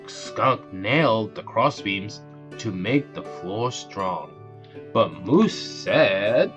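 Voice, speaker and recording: A man reads a children's bedtime story in a slow, lively storyteller's voice. His pitch rises and falls a lot. The recording is dull and lo-fi, with gentle music playing underneath. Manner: slow, expressive storybook reading. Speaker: narrator.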